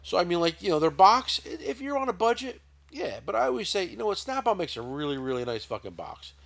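A man's voice: high voice, very animated, quick pace, creaky, fairly bright tone. A middle-aged man hosting a casual podcast, talking in a rambling, profane way with many repeated words. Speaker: podcast host, tool shop owner. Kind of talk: casual chat.

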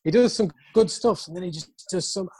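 A man in a casual post-match football chat, animated and quick to laugh, often stammering over his words. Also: high voice, breathy edge. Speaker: football podcast co-host.

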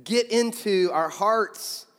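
Hall reverb from a large church sanctuary surrounds a young male pastor preaching in a conversational, storytelling style and acting out quotes. His high voice is smooth and moves at a slow pace.

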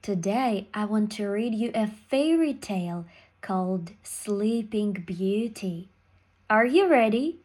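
A woman reading a fairy tale aloud to children, in slow, clear, simple sentences. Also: medium pitch, lively intonation, darkish tone.

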